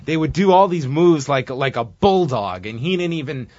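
A man in casual podcast chat, recapping events at length and getting animated when he acts moments out. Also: on the high side, normal speed, a little hiss or hum. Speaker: podcast co-host recapping wrestling. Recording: dull dry lo-fi audio.

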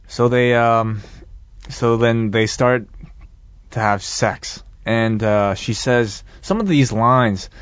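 A man's voice: medium pitch, no room sound, dull audio. A man co-hosting a casual chat, recapping a film scene in a rambling, exasperated way. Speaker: podcast co-host reviewing a film.

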